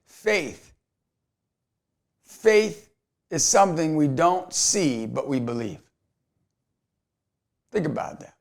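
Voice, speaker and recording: Male evangelist, unhurried delivery, chatty storyteller turning to fervent shouted preaching. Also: on the high side, sing-song, vocal fry. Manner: builds from quiet asides to shouted preaching; laughs often, storytelling. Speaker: Catholic evangelist speaker. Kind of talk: motivational faith talk.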